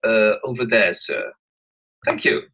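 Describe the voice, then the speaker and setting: Man as a deadpan manservant, quiet, polite, slow, husky. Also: lowish voice, exaggerated voice. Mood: deferential. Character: deferential, dry male manservant.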